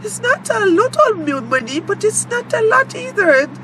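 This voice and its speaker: A woman mimicking a halting, polite bank clerk. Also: extremely high pitch, sing-song, recorded from a distance, background noise, voice pushed up. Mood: pleading.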